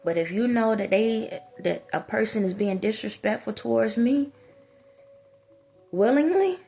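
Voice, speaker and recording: A woman with a gravelly, husky voice lectures her viewers like a spiritual advisor. She scolds them and drives each point home through repetition. Faint music plays underneath. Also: on the high side, animated, measured pace, warm tone. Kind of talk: preachy monologue to viewers.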